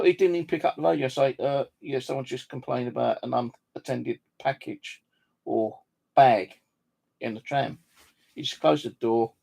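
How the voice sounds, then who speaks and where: A man's voice: mid-range voice, gravelly, darkish tone. A man telling an angry story in a casual monologue, swearing freely and acting out the conversations. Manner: swears freely, indignant, retells dialogue. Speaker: vlogger.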